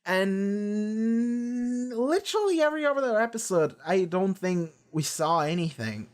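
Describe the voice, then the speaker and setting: Rambling, profane man with a higher voice. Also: very animated, measured pace. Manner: rambling, profane, lots of restarts. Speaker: reaction video host. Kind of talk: casual rambling episode discussion.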